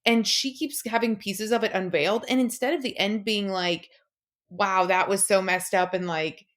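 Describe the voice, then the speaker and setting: A woman as a podcast guest in casual chat, talking in an animated, profane rant. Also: mid-range voice, moderate pace.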